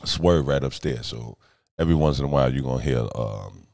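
Gravelly, very deep-voiced joking man. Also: a little fast, a little mellow, dry recording, studio quality. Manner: boastful, joking, profane, loose and rambling. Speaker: streamer and music video director. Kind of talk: casual live-stream chat. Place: his own home studio.

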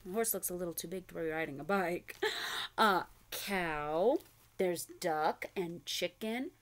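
A young woman with a fairly low voice reads a picture book aloud to preschoolers at an unhurried pace. As a children's storyteller, she asks the listener questions and makes animal noises.

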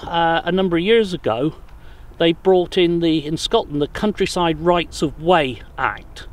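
A man's voice: on the high side, a little slow. A man guiding a river trip, explaining outdoors in a thoughtful, hesitant, knowledgeable way. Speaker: paddling trip guide.

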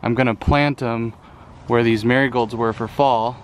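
A man's voice: mid-range voice, fairly even intonation, moderate pace, slight background noise. A man in his thirties with a Californian accent, an easygoing, tender father chatting casually with his family. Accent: Californian English.

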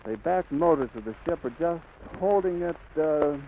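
A man's voice: fairly high pitch, expressive, normal speed. A man giving a live on-the-scene radio report, with vivid, flowing eyewitness description on a 1930s disc recording. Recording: dull, lightly hissy 1930s disc recording.

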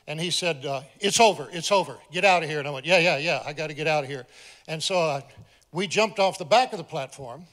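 High-voiced man preaching a story. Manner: animated storyteller, acts out quoted voices. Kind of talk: sermon with storytelling.

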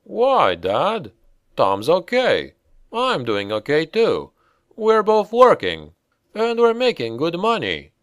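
A man's voice: fairly high pitch, huge pitch swings, slow, fairly bright tone, no room sound, clean studio sound, voice pushed up, heavily acted. A man voicing an anxious, eager young guard. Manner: pleading, rising with worry.

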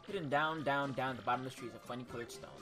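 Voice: mid-range voice, very fast, close to an everyday voice. A woman voicing a cranky old elder creature who scolds and lectures in a bossy way, with game music playing behind. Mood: instructing.

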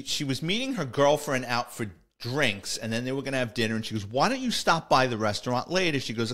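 A middle-aged retired police officer tells stories on a casual storytelling podcast, full of "he goes" and "I says." His mid-range voice is a bit bright.

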